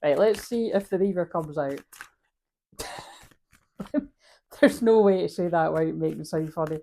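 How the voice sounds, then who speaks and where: Rambling, gravelly-voiced woman. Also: fairly low pitch, normal speed, warm tone. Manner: rambling, swears casually, laughs at herself. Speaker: spiritual reader. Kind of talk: casual oracle card reading.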